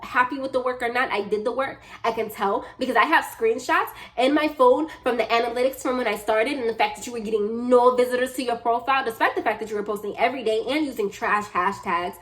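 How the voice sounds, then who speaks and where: A young woman in her twenties chatting straight to camera in a casual storytime vlog. Her voice sits a little high, and she tells the story in an animated, expressive way, with slang and side comments. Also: quick pace, few pauses. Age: 20s. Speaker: social media manager telling a client story.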